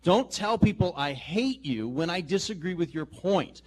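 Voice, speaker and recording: A man's voice: sits high, animated, normal speed, a little mellow. A man co-hosting political talk radio, speaking in an argumentative, pointed way. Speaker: radio co-host. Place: radio studio.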